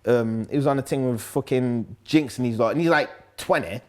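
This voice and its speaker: A young rapper from Nottingham, England, speaks with a Nottingham accent as a guest in a casual interview. His medium-pitched, slightly mellow voice moves at a moderate pace, and he's slangy and laid-back, telling loose stories with laughs.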